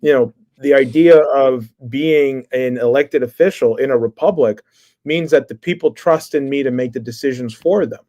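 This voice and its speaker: A man who is a congressional candidate, answering interview questions in an earnest, measured, explanatory way. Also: medium pitch, mellow, highs cut off. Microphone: remote stream call.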